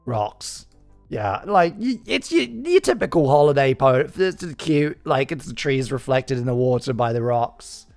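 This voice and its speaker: Man, 30s, relaxed self-deprecating streamer, slow delivery, faint music bed. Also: mid-range voice, vocal fry. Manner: chatty, self-deprecating, joking asides. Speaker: live-stream host. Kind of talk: casual live-stream commentary.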